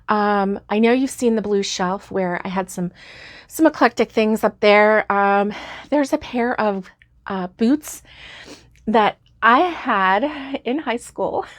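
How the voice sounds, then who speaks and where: A woman's voice: a little high, no echo, clean studio sound. A woman in her fifties chatting casually to viewers about her crafts, rambling and giggling through lots of fillers, a little sleepy and yawning. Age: 50s. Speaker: crochet vlogger. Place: home craft room.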